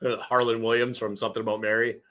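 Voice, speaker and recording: Bright-voiced wisecracking male co-host. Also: medium pitch, level tone, quick pace. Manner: wisecracking, quotes movies. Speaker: podcast co-host. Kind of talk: casual chat.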